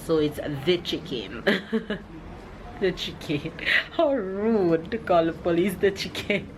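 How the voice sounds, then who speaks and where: A woman with a Jamaican accent hosting a casual vlog, laughing often and spelling words out slowly. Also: on the low side, expressive. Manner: laughs often, slow deliberate pronunciation. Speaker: vlogger host. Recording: noisy ambient background.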